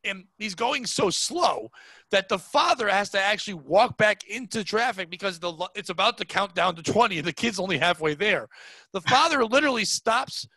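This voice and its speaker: A man with a high, bright voice tells a rambling comic story in casual chat. His delivery is animated and full of "like." The recording is dry and close. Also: moderate pace, no echo. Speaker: comedian guest.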